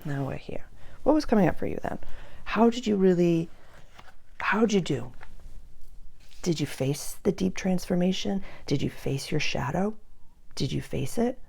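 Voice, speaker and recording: A woman's voice: lowish voice, lively intonation, a little slow, creaky, pauses often, warm tone, slightly rough. A woman giving an earnest spiritual astrology talk to her listeners. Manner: earnest, drops to a whisper for emphasis.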